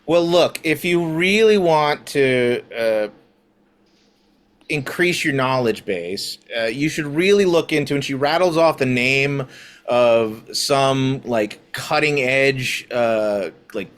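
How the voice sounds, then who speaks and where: A man narrating as game master of a tabletop game, halting with many fillers. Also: mid-range voice, fairly bright tone.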